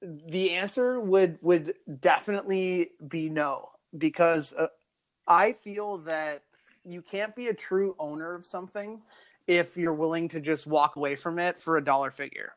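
A man's voice: a little high, unhurried. A man hosting a podcast, chatting casually and laughing often, earnest when giving his answers. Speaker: podcast host, club co-owner.

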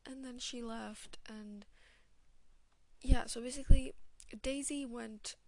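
A woman's voice: a little high, steady tone, slow, no echo. A young woman telling a school story in a casual, chatty way, swearing often and sometimes dropping into a whisper. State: voice feels off today. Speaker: student vlogger.

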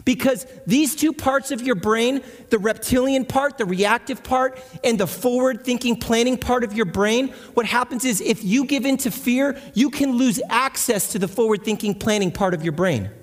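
Guy preaching at church, really high voice, lots of hall echo, chatty, keeps asking the crowd stuff. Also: normal speed, hardly any pauses. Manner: conversational preaching, asks the congregation questions. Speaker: guest speaker. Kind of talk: sermon. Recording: long hall reverb.

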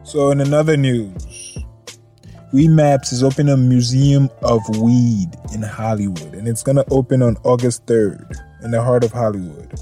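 A man's voice: mid-range voice, normal speed, dark tone, soft background music. Laid-back swearing male podcast host. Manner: laid-back and swearing, laughs often, rambles off topic. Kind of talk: casual news chat.

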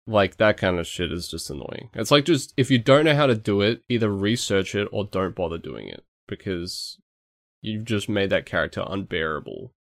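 A man's voice: fairly low pitch, lively intonation, normal speed, vocal fry, no room sound, clean studio sound. A man co-hosting a podcast, chatting casually and complaining bluntly, swearing now and then. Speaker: podcast co-host.

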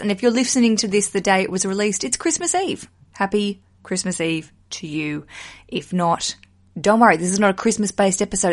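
A woman hosting her own podcast, chatting casually and joking at her own expense, in her thirties. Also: mid-range voice. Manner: chatty, jokey, self-mocking, swears casually. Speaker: podcast host. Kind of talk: casual solo podcast chat.

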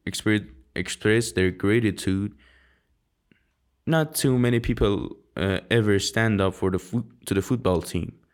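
Amateur audiobook reader, man; unhurried, halting, restarts words often. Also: lowish voice, smooth. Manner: halting, frequent slips and restarts.

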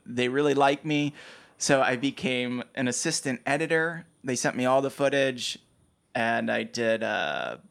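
A young man co-hosting a podcast, telling a story with animated delivery and frequent laughter. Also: mid-range voice, gravelly. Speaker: podcast co-host. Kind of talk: casual chat.

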